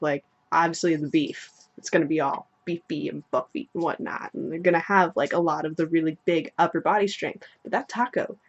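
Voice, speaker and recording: A young woman answering follower questions in casual chat, playful and swearing freely as she tells stories. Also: on the low side. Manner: playful, swearing, animated storytelling. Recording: dull lo-fi sound.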